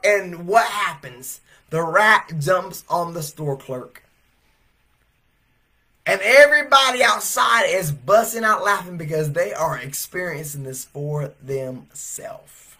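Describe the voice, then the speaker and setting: A man preaching a revival sermon as an evangelist, telling stories animatedly and swelling to shouts. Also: high voice, slow pace, breathy edge.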